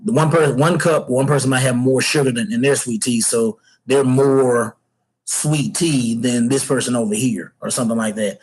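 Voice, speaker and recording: A middle-aged man hosting his own fatherhood channel, giving a casual solo rant full of pauses, fillers and restarts. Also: medium pitch, steady tone, husky, poor audio. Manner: hesitant, many fillers and restarts.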